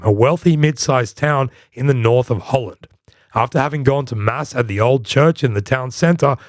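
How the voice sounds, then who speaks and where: A man's voice: mid-range voice, dry recording, clean studio sound. A man hosting a history podcast, giving scripted narration in a wry, playful storytelling manner.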